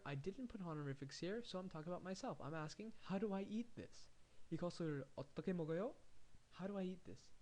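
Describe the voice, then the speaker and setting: A man with a slightly raised pitch gives a recorded language lesson. He explains things step by step and slowly repeats each example phrase so learners can follow. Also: a little mellow. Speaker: language teacher.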